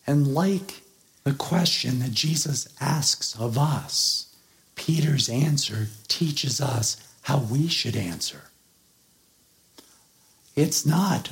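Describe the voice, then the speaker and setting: Slow, gravelly-voiced preacher man. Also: mid-range voice, animated. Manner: earnest teaching, stresses key words; explains and expounds on a scripture passage. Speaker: pastor. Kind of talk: sermon.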